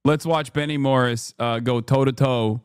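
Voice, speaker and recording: A man in his thirties casually commenting on a live stream, talking loosely with restarts and reading headlines aloud quickly. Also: medium pitch, steady tone, smooth, dry recording, studio quality. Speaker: streamer reacting to news.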